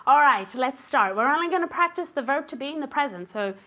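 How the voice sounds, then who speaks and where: A woman with a high, animated voice talks fast over lo-fi audio while teaching an English lesson on a show. She encourages her student and the viewers at home, often tagging "okay?" onto the ends of her phrases.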